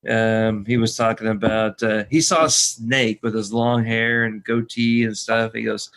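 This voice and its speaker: A man's voice: fairly even intonation, a little slow, a bit bright. A man co-hosting a podcast, telling a rambling anecdote in casual chat and acting out the people he quotes. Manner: rambling anecdotes, acts out quoted voices higher. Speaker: podcast co-host.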